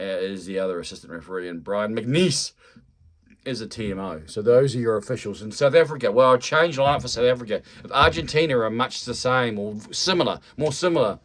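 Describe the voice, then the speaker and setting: A man commentating a rugby match in a chatty, rambling, self-deprecating way, often restarting his sentences. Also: fairly low pitch. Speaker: fan commentator. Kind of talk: live-style rugby play-by-play commentary.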